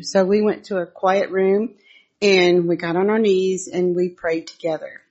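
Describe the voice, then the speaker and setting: An older woman giving a conversational devotional talk, telling personal church stories and reading Bible verses in a husky voice. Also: mid-range voice, flat delivery, measured pace, darkish tone, dull audio. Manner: homely storytelling with Bible readings.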